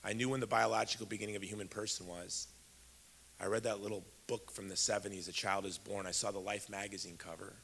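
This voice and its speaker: Fast and fairly flat in intonation, a man's lowish, creaky, slightly bright voice comes through with faint background noise and hall echo. He's a Chicagoan in his fifties giving a keynote, telling a personal story conversationally and directly to the audience.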